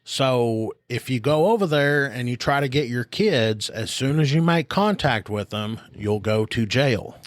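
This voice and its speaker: A man's voice: mid-range voice, expressive, measured pace, few pauses, no room sound, studio quality. A man casually telling a story on a podcast, animatedly acting out both sides of an argument on a phone call. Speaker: podcast co-host.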